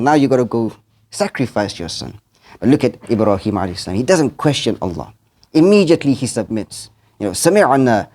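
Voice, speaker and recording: A man's voice: fairly high pitch, a little mellow. A man, an imam, giving a sermon in the manner of an earnest storyteller, quoting Arabic verses and translating each one.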